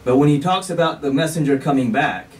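A man with a slightly high voice talks a little fast while explaining a sermon from a mosque pulpit. He sounds conversational, often saying "you know" and mixing in Arabic phrases. The recording comes from a distant mic, with faint noise behind it.

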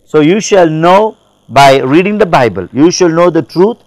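A male pastor speaks with emphatic conviction, often repeating his phrases and quoting scripture. His voice sits a little high and is recorded close and dry. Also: animated, moderate pace, dry recording, rough recording. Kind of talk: preaching testimony in an interview.

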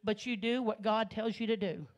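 A woman's voice: on the high side, moderate pace. Woman preaching a heartfelt church testimony. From Arkansas. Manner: storytelling, swells to loud passionate preaching. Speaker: guest speaker giving testimony. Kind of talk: Pentecostal sermon testimony. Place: church sanctuary.

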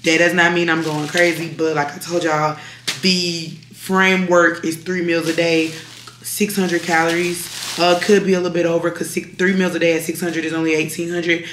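Raspy-voiced woman chatting in a roomy space. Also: lowish voice, flat delivery, moderate pace, noisy background. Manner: chatty, addresses viewers as y'all. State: raspy, strained voice. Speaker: vlogger. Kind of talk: casual chat to camera. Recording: roomy echo.

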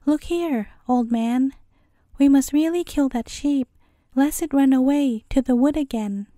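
A woman's voice: high-pitched, measured pace, dark tone, no room sound, studio quality. A woman reading as a bossy wicked witch. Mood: scheming. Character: wicked shape-shifting witch, scheming and commanding.

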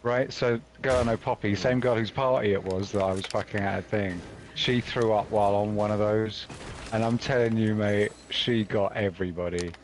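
A man's voice: fairly low pitch, fairly even intonation, moderate pace, slight background noise. A man telling a crude, swear-laden story to gaming friends, laughing often. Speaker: stream guest friend. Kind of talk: casual gaming chat storytelling.

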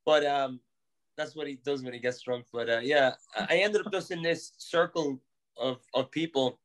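An Irish man in his thirties, a guest on a podcast, telling lively stories with laughter and casual swearing. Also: on the high side, normal speed, rough recording. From Ireland. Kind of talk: casual chat, anecdotes.

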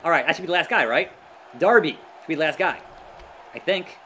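A man giving live gameplay commentary, excitable, groaning and yelling at the action. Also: on the high side, a little fast, slight background noise. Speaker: let's play gamer.

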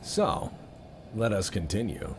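Young male gamer, joking commentary, swooping pitch, noisy recording. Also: very animated, takes it slowly. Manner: joking, mutters to himself. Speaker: let's-play gamer. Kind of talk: casual game commentary.

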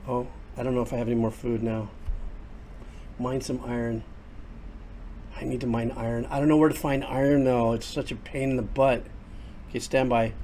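Older guy on a headset streaming a game, chatty and excitable, lots of exclaiming, normal pitch. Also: moderate pace, long pauses, slight background noise. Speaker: streamer and composer. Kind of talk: casual livestream commentary.

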